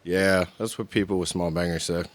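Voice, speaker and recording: Wisecracking low-voiced guy. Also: fairly even intonation. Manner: wisecracking, quick comebacks. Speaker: podcast co-host. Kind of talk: casual chat.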